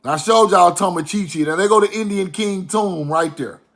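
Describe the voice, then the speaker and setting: A man's voice: high-pitched, brisk, a bit bright. A man with talking casually to his viewers, emphatic and repetitive, often checking "right?" with them. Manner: emphatic, repetitive, asks viewers rhetorical questions. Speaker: online history commentator. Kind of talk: casual video commentary to viewers.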